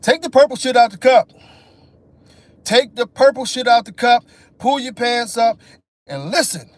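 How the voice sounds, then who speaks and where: A man's voice: very high-pitched, moderate pace, no room sound. A man hosting a live stream, ranting in a profane, mocking way. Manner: profane, mocking, animated rant. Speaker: livestream host.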